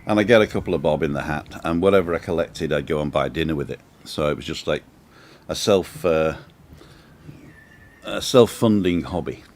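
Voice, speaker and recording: A man's voice: very deep voice, normal speed, darkish tone. A man, hosting a live show from a sunny outdoor balcony and telling a rambling, chatty anecdote full of asides. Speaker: host. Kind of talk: casual storytelling on a live show.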